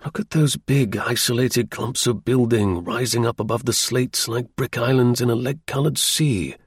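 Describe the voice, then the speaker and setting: A man's voice: medium pitch, slightly rough, no room sound. Man reading as a cool, lecturing detective. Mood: measured. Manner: measured, explaining, a little dry. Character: sharp, aloof male detective, calm and lecturing.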